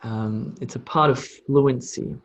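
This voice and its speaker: Reading student questions and slowly repeating sounds to demonstrate them, a mid-range-voiced man teaches English live online. He sounds relaxed and chatty, but the recording is muffled.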